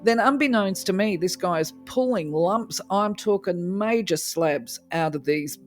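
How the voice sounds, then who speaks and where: A woman's voice: mid-range voice, measured pace, faint music behind. Chatty woman telling a rambling story. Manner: animated, rambling, acts out quoted dialogue. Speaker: crystal channel host. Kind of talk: casual storytelling.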